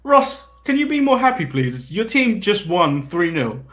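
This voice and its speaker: A man's voice: high voice, very animated, a little slow, a bit bright. A man hosting a casual podcast chat, giggling as he runs through the rundown. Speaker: host. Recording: echoey room.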